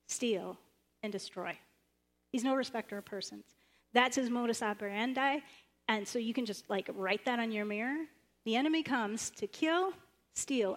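A woman pastor preaching a sermon in a church, animated, acting out the lines of the stories she retells. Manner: animated, acts out the prophet's lines with sudden high bursts.

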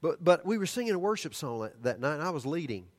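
Older preacher telling a sermon story. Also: male voice, a little high, fast talker. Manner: animated storytelling that drops to hushed, earnest tones.

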